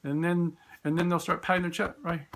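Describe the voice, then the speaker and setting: A man, a special education teacher, telling classroom stories in a relaxed, storytelling way. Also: a little high, brisk, creaky, slight background noise. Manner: warm storytelling, acts out voices in quotes; frequent fillers and restarts. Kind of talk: informal talk with classroom stories.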